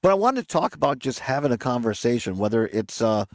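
A man hosting a live radio show outdoors by a lake, chatting casually with quick laughs and self-corrections. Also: mid-range voice, big pitch swings, dry recording. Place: outdoors by a lake, remote broadcast.

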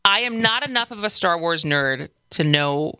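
A female radio co-host in casual banter who fires off quick, teasing questions. Her voice is bright and very animated, and it is recorded dry in a studio. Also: lowish voice, clean tone, no room sound.

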